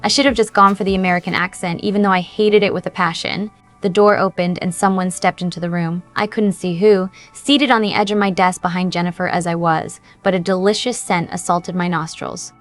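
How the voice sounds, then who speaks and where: A woman reading a first-person story aloud in an even storytelling manner. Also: on the low side, a little fast, few pauses. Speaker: narrator. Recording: faint background music.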